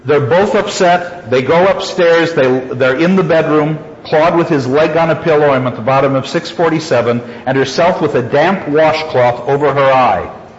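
A man teaching literature, reading a story aloud and stopping to explain it with deliberate emphasis. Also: fairly high pitch. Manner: reads passages then explains them, deliberate and emphatic. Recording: echoey hall, dull lo-fi sound.

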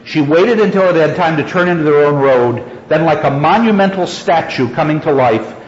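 A man lecturing, reading a story aloud with slow, expressive delivery and stopping to comment on it. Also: fairly high pitch. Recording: lo-fi echoey hall.

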